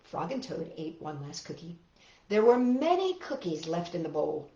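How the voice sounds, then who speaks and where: A woman hosting a children's storytime, reading aloud and singing with a gentle, clear delivery. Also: on the low side, sing-song, normal speed, roomy sound, muffled recording.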